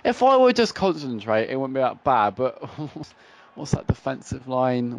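Excitable young man gaming. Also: mid-range voice, unhurried, lo-fi sound. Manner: excitable, swings between groans and shouts. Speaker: gaming YouTuber. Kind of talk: live gameplay commentary.

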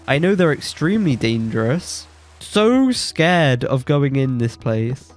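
A young man with a blocked nose, giving excitable, joking commentary while playing a game and yelping when surprised. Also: mid-range voice, slow. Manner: excitable, jokey boasting, yelps when surprised. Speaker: gaming YouTuber. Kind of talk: let's play commentary.

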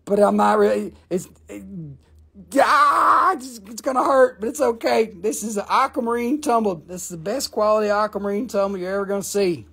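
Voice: medium pitch, fairly quick, few pauses, breathy edge. A host selling rocks on a casual live sales show, joking and swearing as they go. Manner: joking, profane, rambling. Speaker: live-stream rock and mineral seller. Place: family rock shop.

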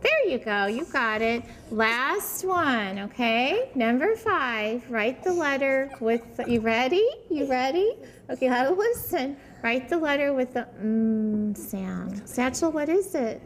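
A woman's voice: sits high, very animated, slow, hardly any pauses, a little hiss or hum. A woman teacher patiently guiding young children through a handwriting and letter-sound lesson at a small classroom table, praising them often.

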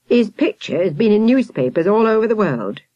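A woman's voice: medium pitch, sing-song, moderate pace, warm tone, dry recording, lo-fi sound, pitched above the performer's own voice. A woman voicing a stern, self-important male police sergeant in a storybook.

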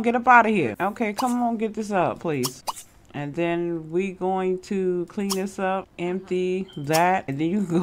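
A woman's voice: medium pitch, slight background noise. A woman commentating her own gameplay in a casual way, scolding the game characters and often breaking into laughter. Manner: bossy, scolding, with slang. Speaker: Sims gameplay vlogger.

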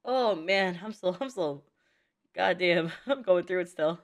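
A young woman chatting casually as she reacts to an anime movie, emotional and slangy, quick to laugh and tear up. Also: lowish voice, lively intonation.

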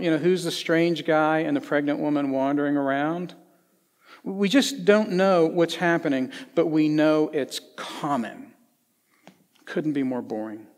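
A middle-aged man from Tennessee, preaching a sermon in a conversational storytelling way with folksy asides, swinging between lively and hushed. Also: on the high side. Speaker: pastor. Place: church sanctuary. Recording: long church hall reverb.

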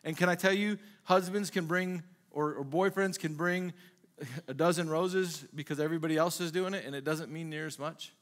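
A man with a fairly high-pitched voice delivers a sermon from the pulpit. He preaches in a loose, conversational way, throwing rhetorical questions at the congregation and acting out small quoted exchanges. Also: normal speed. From Minnesota. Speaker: pastor.

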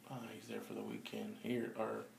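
A man's voice: on the low side, monotone, normal speed, creaky, a little mellow, slight background noise. A sleepy young man, rambling through a casual video diary with lots of fillers. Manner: drawling, rambling, laid-back with fillers. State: sleepy, yawning. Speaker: vlogger.

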